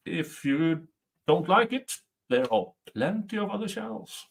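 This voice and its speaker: A man's voice: sits high, expressive, measured pace, vocal fry. A man whose first language is not English, hosting casual commentary in a dry, joking way. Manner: dry, self-deprecating humor. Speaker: trial commentary host.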